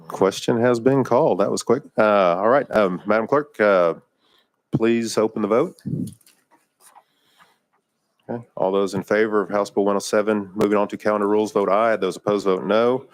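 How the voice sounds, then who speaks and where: A man's voice: fairly low pitch, moderate pace, long pauses, no echo. A man chairing a legislative committee hearing, running votes in a plain, procedural way with frequent fillers, speaking into a desk microphone.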